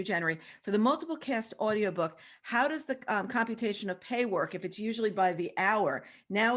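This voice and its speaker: Female moderator, mid-pitched, reads audience questions aloud. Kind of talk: panel moderation.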